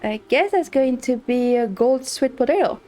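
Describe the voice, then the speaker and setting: A woman's voice: sits high, expressive, normal speed, warm tone, soft background music. A woman streamer chatting casually while playing a farming game, telling a story with many restarts and repeats.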